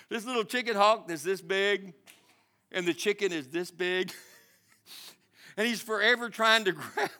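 A high-pitched pastor delivers a sermon, dramatically telling a story as his voice swings between loud and hushed.

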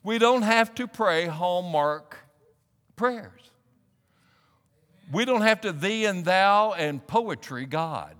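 A man preaching a sermon as a pastor, animated and building up to emphatic, pressing questions. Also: high voice, takes it slowly, long pauses, long reverb tail. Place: church sanctuary.

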